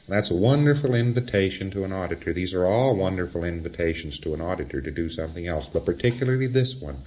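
A man's voice: low voice, brisk, darkish tone. A man lecturing in a wry, explanatory way, often chuckling at his own examples. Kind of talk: recorded lecture.

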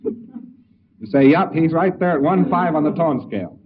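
A man's voice: fairly high pitch, expressive, a little slow. A man giving an informal lecture in a folksy, anecdotal way, acting out both sides of little dialogues. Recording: tinny lo-fi archival lecture recording, distant mic, faint hiss.

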